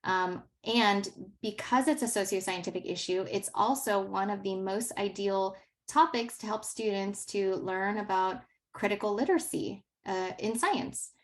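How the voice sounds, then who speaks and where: A woman's voice: mid-range voice, a little slow. A woman in her thirties, a teacher giving a workshop presentation, telling stories animatedly with frequent laughs and many ums. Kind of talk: presentation talk.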